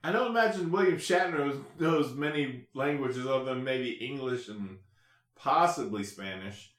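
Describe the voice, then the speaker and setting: A man's voice: medium pitch, moderate pace. A man hosting a casual podcast, joking around and steering the talk back on track. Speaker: podcast host. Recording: echoey room.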